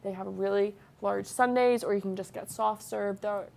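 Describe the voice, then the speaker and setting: A woman co-hosting a casual podcast chat, upbeat and quick to laugh. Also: medium pitch, steady tone, gravelly, a little mellow. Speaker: podcast co-host.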